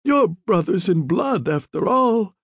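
A man's voice: high voice, expressive, slow, a little mellow, slightly rough, no echo, pitched above the performer's own voice, heavily acted. A man reading a book aloud, voicing a feverish dying old man who begs and cries out for help. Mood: pleading. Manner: desperate pleading, crying out.

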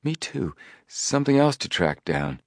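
A man reading the part of an eager, excitable teenage boy detective in a storybook. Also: medium pitch, unhurried, no room sound, studio quality, voice pushed up. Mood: calm.

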